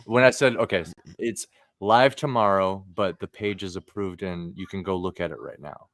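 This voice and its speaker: This is a man in his thirties, hosting a casual chat over a video call. His voice sits very low, and it comes through dry with no room sound. He rambles in a relaxed way, with plenty of "uh"s along the way. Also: moderate pace, no echo. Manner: rambling, with frequent uh fillers. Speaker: podcast host.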